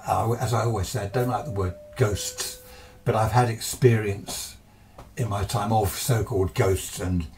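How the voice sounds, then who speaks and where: Man, low voice, casual ghost-story storyteller, hesitant with restarts, slightly distant mic. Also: darkish tone, slight background noise. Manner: hesitant, with frequent restarts and asides. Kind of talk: casual spoken recollection.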